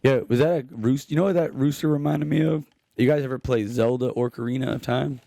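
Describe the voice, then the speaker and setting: A man hosting a podcast, with a gravelly, mid-pitched voice. He chats loosely and leans on filler words. The sound is dry and close. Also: fairly even intonation, fast talker, mellow, no room sound. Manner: chatty, full of "like" fillers. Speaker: podcast host. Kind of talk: casual chat.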